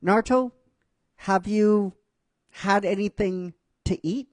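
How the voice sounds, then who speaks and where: A man's voice: high-pitched, slow pace, darkish tone, no echo, pitched above the performer's own voice. A man doing a bossy young kunoichi. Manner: firm, lecturing. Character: bossy young female ninja, stern and teasing.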